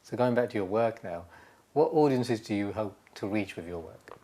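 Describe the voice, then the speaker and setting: A man's voice: fairly low pitch, lively intonation, normal speed, warm tone, a little hiss or hum. A man asking oral history interview questions, careful and rephrasing as he goes.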